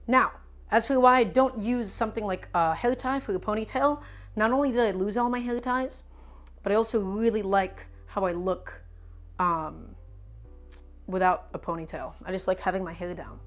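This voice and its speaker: A woman's voice: mid-range voice, normal speed, soft background music. A young woman chatting casually as she cooks live in her home kitchen, answering viewers' questions with a playful, joking manner. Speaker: cooking streamer. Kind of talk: casual live-stream cooking chat.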